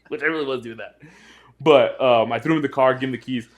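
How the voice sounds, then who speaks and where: A man's voice: medium pitch, fast talker. A young man co-hosting a podcast, telling a story in casual chat and acting out his friends' voices. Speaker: podcast co-host.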